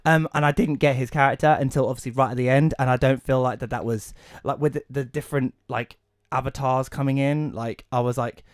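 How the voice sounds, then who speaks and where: A man's voice: medium pitch, a little fast, few pauses, dry recording. Ranting sweary man on a dry podcast mic. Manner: swears a lot, ranting and animated. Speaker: podcast co-host. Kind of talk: casual chat.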